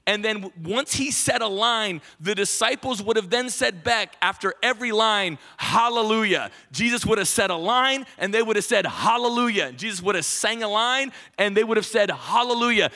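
A pastor delivering a sermon in a high, ringing voice. He talks to the congregation like a friend, animated and quick to restart a thought. He acts out quotes along the way. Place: church stage.

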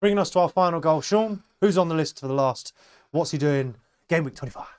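A man co-hosting a casual football chat, easygoing and quick to laugh. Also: a little high, darkish tone, smooth, no echo, clean studio sound. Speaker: football podcast co-host.

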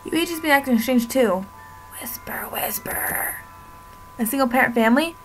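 In a whispered role-play, a woman plays a knot of spiteful town gossips murmuring in breathy, unvoiced hushes. The voice sits fairly high, and bright game music plays underneath. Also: fast talker, lightly acted, poor audio. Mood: gossiping.

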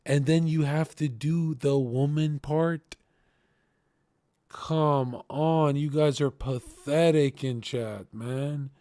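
Young male streamer, profane emphatic ranter, unhurried drawl. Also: a little high, fairly even intonation, warm tone, no echo, clean studio sound. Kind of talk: ranting livestream commentary.

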